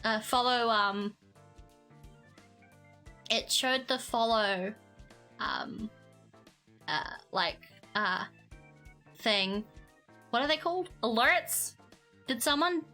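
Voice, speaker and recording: Giggly high-voiced woman streamer. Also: expressive, takes it slowly, pauses often, pushed and bright, faint music behind. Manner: giggly and effusive, stumbling over words. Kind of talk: casual live-stream chat.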